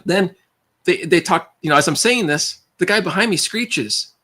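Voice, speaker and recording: Husky-voiced man telling lively stories. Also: high voice, normal speed. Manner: animated, acts out voices in his stories; stammers and repeats words. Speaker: livestream host. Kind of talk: casual storytelling on a livestream.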